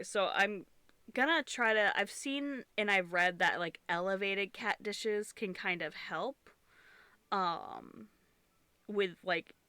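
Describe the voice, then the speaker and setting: A woman's voice: lowish voice, bright, forceful tone, clear, resonant tone, dry recording. A young woman streamer, congested and sniffling, chatting casually and rambling while she crochets, swearing freely and restarting her sentences.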